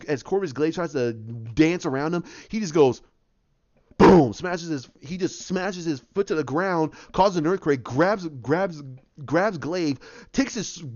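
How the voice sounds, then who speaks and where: A man hosting a casual solo podcast, talking excitedly and rambling, acting out scenes with quick voices and sound effects. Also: a little high, dull audio. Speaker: podcast host.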